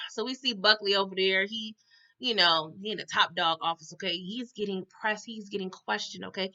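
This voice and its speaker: A woman casually recapping a TV episode for her viewers, animated and slangy, talking straight to the audience. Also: mid-range voice, normal speed, muffled recording. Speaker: TV recap host.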